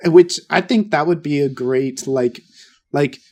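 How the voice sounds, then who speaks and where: Rambling, excitable man. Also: on the high side, measured pace. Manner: rambling, excitable storytelling with restarts. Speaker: podcast co-host. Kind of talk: casual chat.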